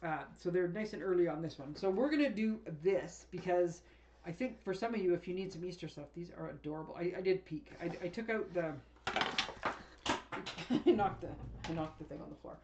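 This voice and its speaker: A woman's voice: lowish voice, expressive, moderate pace, darkish tone. A woman craft demonstrator chatting casually as she unboxes and sorts a paper craft kit, rambling and often laughing.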